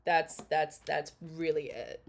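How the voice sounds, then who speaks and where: A woman's voice: low voice, completely flat delivery, slow, vocal fry, a little mellow, slight background noise. A woman in her thirties chatting casually while reacting to a video, blunt and sarcastic, swearing and laughing often. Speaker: commentary vlogger.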